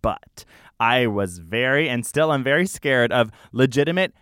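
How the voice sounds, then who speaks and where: A young man chatting casually on a podcast, telling stories with animated quoted voices. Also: mid-range voice, normal speed, clear, resonant tone, dry recording, clean studio sound. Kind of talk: casual chat.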